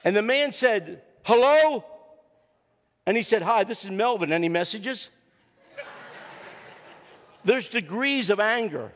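Standing in a church sanctuary full of long hall reverb, an older guest preacher and counselor delivers a lighthearted, storytelling sermon, quoting people in character. His slightly bright, high voice is animated yet measured, with frequent pauses.

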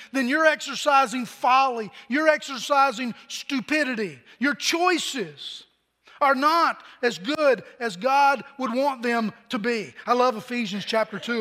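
A man's voice: very high-pitched, bright, forceful tone, long reverb tail. An older man from preaching a sermon to a congregation, talking conversationally and throwing questions at the crowd. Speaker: pastor.

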